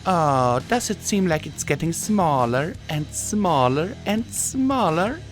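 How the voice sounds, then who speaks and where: A man's voice: fairly high pitch, big pitch swings, normal speed, soft background music, voice pushed up. A man voicing a sly, cruel female pegasus pony who taunts and threatens. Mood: mocking. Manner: mocking, taunting.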